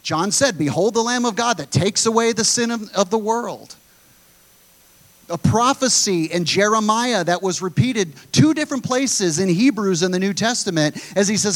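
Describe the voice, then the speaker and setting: Pastor guy preaching sunday morning, kinda high voice, says stuff twice to hammer it in. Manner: preaching with emphatic repetition, addresses the congregation directly. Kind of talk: sermon.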